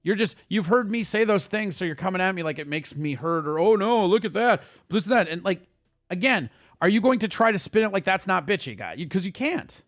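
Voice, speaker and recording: A man hosting a casual livestream, ranting at his chat in a quick, profane and heated way. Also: high-pitched, expressive, fairly bright tone, dry recording, studio quality. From Italian heritage. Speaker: streamer host.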